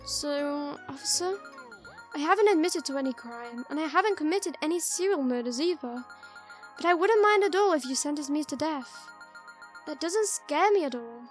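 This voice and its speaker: A woman voicing a soft-spoken young female murder suspect, gentle and eerie, reading a visual novel aloud in a quiet, hesitant way. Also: high-pitched, lively intonation, moderate pace, soft background music. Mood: wistful.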